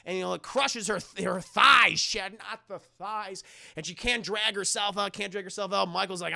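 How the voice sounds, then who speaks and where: A young man streamer giving a profane, animated comedic movie recap to his chat, often laughing. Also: high-pitched, moderate pace, gravelly.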